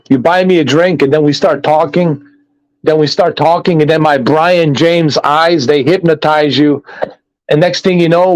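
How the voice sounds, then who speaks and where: A man hosting a casual podcast, joking and bantering with a boastful, playful manner. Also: a little high. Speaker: podcast host. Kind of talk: casual chat.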